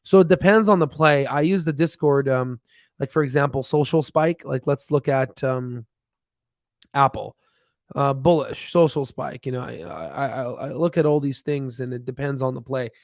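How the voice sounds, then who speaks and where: A man's voice: medium pitch, normal speed, no echo, clean studio sound. Rambling man hosting a stock livestream. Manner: rambling, filler-heavy, thinks aloud with restarts. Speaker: stock market livestream host. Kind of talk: casual live chat while reading charts.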